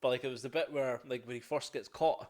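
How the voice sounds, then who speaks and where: A man in a casual podcast chat, excitable and swearing heavily, often saying "aye" and "like". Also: medium pitch, fast.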